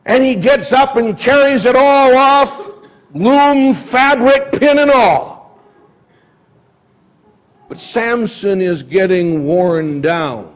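A man's voice: extremely high pitch, takes it slowly. A man preaching a sermon in a church, retelling a story dramatically. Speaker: pastor.

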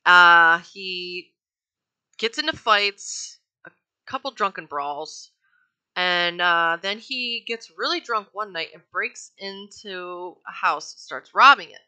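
A woman's voice: lowish voice, slow pace, sharp tone. A woman casually telling a true crime story, chatty and profane with wry asides. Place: home.

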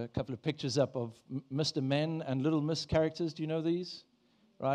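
A man's voice: mid-range voice, a little mellow. A man preaching a sermon in church, talking in a conversational way, with many restarts and prayers he acts out in the first person. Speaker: pastor.

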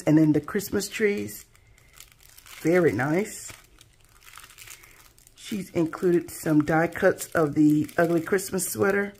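Soft-spoken and admiring, a woman who runs a craft channel unboxes handmade pieces for her viewers. Her voice sits on the low side, husky and a bit gravelly, and she gushes casually and calmly over each detail, letting her sentences fade into hushed admiration.

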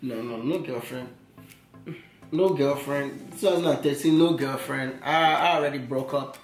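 A man's voice: mid-range voice, normal speed, reverberant, faint music behind, poor audio. A young man, joking and hesitant as he chats with his partner. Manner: laid-back, joking, hesitant. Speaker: vlogger. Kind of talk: casual couple chat.

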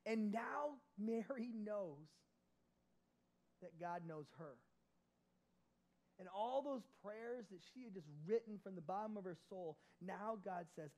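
A man preaching a sermon as lead pastor, animated, moving between loud emphasis and soft, close passages. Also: high voice, takes it slowly, pauses often, poor audio. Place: church.

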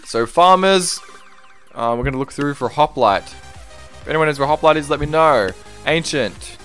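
A young man streaming a game, chatting casually, reading viewer comments aloud and breaking into excited exclamations. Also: fairly high pitch, normal speed, soft background music. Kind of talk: live-stream gameplay commentary.

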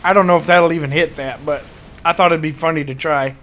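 High-voiced man in frustrated game commentary. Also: steady tone, fairly quick, fairly bright tone. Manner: frustrated, swearing, outbursts. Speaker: gaming commentator. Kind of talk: live gameplay commentary.

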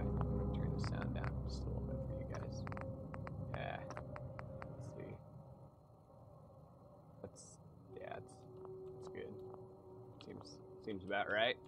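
A man hosting a gaming channel, talking through a game in a casual let's-play commentary with crude, sarcastic jokes. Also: lowish voice. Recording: noisy background.

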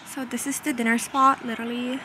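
A woman's voice: a little high, flat delivery, brisk, very noisy. A young woman vlogging in a chatty, upbeat, casual way, full of fillers. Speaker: lifestyle vlogger. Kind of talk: casual vlog chat. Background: music.

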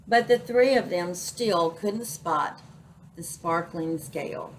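Slow, expressive woman reading a children's story. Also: on the low side, a little hiss or hum, rough recording. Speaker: children's librarian reading aloud. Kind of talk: children's story read-aloud.

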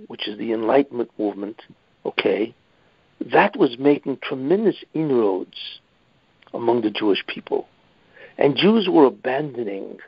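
Husky man lecturing, "you see". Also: mid-range voice, no room sound. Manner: repeats "you see" often, emphatic. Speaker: rabbi giving a weekly class. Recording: dull lo-fi dry recording.

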